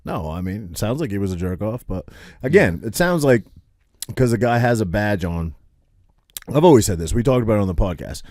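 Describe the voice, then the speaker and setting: A man's voice: lowish voice, animated, fairly quick, a little mellow, no room sound, clean studio sound. A man co-hosting a podcast in casual chat, arguing his point bluntly and swearing. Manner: blunt, argumentative, swears, trails off with fillers. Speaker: podcast co-host.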